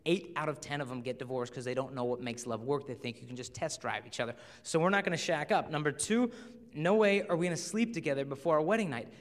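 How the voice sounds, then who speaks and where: Animated young man speaking in a reverberant hall. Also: fairly high pitch, quick pace. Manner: animated storyteller who acts out voices. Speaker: chastity speaker. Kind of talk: live talk to a young audience.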